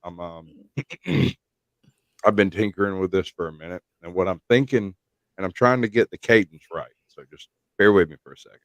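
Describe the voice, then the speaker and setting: A man's voice: deep voice, normal speed, no echo. A man hosting a live stream in easygoing, playful casual chat. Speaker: livestream host.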